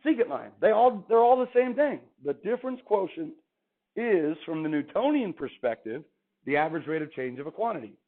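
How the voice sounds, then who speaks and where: A male math teacher lecturing a classroom, chatty and quizzing the students as he goes. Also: fairly high pitch. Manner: chatty, asks the class questions. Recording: tinny phone-like classroom recording.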